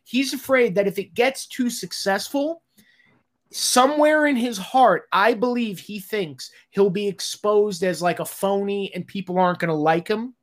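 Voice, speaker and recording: A man's voice: high-pitched, a little slow. A man, a film director, talking candidly in an interview, blunt and exasperated, swearing freely and acting out the conversations he recounts. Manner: acts out quoted exchanges.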